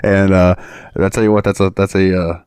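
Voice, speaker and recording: A man co-hosting a podcast, telling a story in a loose, profane way. His voice sits low. The sound is dry and close, and he often breaks into laughter. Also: level tone, moderate pace, darkish tone, clear, resonant tone, dry recording. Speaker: podcast host. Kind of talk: casual chat.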